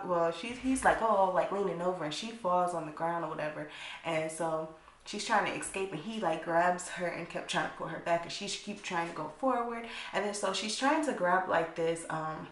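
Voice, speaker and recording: A young woman casually recapping a TV episode for her channel, chatty and blunt, with frequent profanity and lots of "like". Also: fairly low pitch. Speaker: YouTuber reviewing a TV episode. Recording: echoey room.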